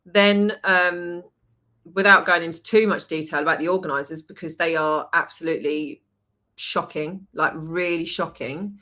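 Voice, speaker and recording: Bright-voiced woman telling a story. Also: lowish voice, normal speed. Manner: animated storytelling, swears, acts out quotes. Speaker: podcast host. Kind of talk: casual chat.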